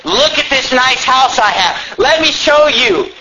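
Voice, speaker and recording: A man voicing a boastful man who shows off his wealth, loud and insistent. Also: very high voice, expressive, a little slow, pitched above the performer's own voice. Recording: dull lo-fi with faint noise.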